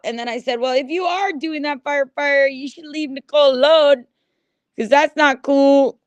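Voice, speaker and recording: A woman chatting casually on a livestream, animated and swearing freely as she talks back to her chat. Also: high voice, measured pace, clear, resonant tone, no echo. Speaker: livestream host.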